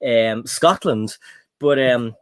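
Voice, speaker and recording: A man's voice: mid-range voice, takes it slowly, clear, resonant tone, no room sound, studio quality. An Irish man hosting a livestream, chatting casually and reading out viewer comments with plenty of ums. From Ireland. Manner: rambling, chatty, full of ums and laughs. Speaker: livestream host.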